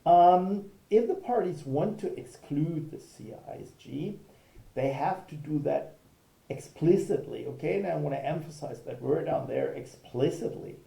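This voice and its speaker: A man's voice: on the high side, moderate pace, creaky, dark tone, reverberant, rough recording. A man, a law professor giving a recorded video lecture, explaining step by step and checking in with "okay".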